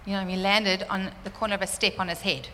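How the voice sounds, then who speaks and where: A woman telling a church congregation a personal testimony, animated and fervent, laughing often. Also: mid-range voice, fast talker, a little hiss or hum. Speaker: church speaker sharing a testimony. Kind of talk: sermon testimony. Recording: roomy church hall reverb, faint ambience.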